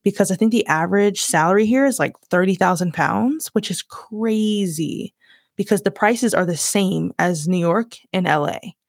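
Podcast host, 20s, mild Virginia twang, mid-pitched, loose filler-heavy chatter, dead-dry room. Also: female voice, moderate pace, vocal fry, dry recording. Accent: Southern US (Virginia). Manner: chatty, rambling, heavy "like" filler, self-mocking laughs. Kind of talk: casual solo chat.

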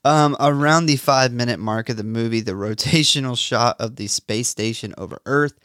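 A man's voice: mid-range voice, brisk, fairly bright tone, dry recording, clean studio sound. A man co-hosting a casual podcast, recapping a movie and reading trivia in a laid-back way with frequent laughs. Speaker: podcast co-host.

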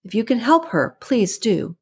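A woman's voice: a little high, sing-song, measured pace, husky, voice pushed up, full character voice. Woman doing a nosy, opinionated neighbor lady. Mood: gossipy. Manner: gossipy, indignant, confiding.

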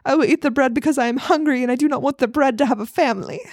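A woman's voice: sits high, racing, a little mellow, no echo, studio quality. A young woman co-hosting a casual podcast and reading a silly quiz aloud, amused and giggly. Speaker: podcast co-host.

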